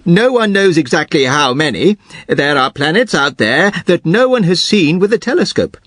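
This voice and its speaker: A man's voice: on the high side, lively intonation, moderate pace, a bit bright, dry recording. A man voicing an earnest, thoughtful Doctor Watson inside a spoken joke, in a voice close to his own. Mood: musing. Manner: thoughtful, rambling. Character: Doctor Watson, earnest pondering male companion.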